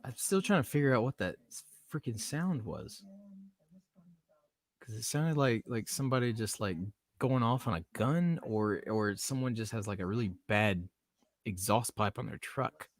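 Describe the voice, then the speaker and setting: A podcast host with a fairly low, expressive voice speaks at normal speed in clean studio sound with no room sound. Hosting a casual livestream, he rambles to his chat, chuckles, and interrupts himself.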